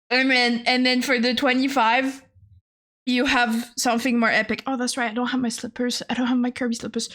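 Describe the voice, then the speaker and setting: Young woman, casual stream chat, giggly, rambling, slightly high voice. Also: brisk. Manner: rambling, giggly, animated exclamations.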